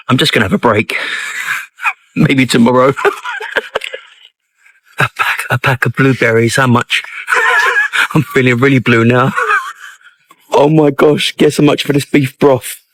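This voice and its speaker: A man's voice: mid-range voice, a little slow, pauses often, a bit bright, no echo, rough recording. A man vlogging in supermarket aisles, cracking wry jokes and puns about prices and laughing at his own lines. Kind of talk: joking supermarket vlog.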